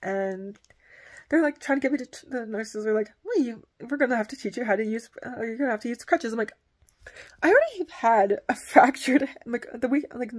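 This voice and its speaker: A woman's voice: a little high, quick pace, darkish tone. A woman vlogger telling a personal story in a rambling, casual way, packing her sentences with "like". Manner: rambling, heavy use of filler "like".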